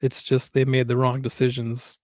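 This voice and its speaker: A man's voice: mid-range voice, moderate pace, no room sound, studio quality. A man from Wisconsin, co-hosting a casual podcast chat and acting out both sides of the conversations he retells. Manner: animated storyteller who acts out both sides of a conversation. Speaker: podcast co-host.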